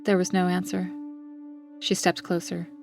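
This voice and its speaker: A woman author reading her own gothic story in an even, measured narration. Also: on the low side, creaky, soft background music. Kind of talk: scripted audiobook narration.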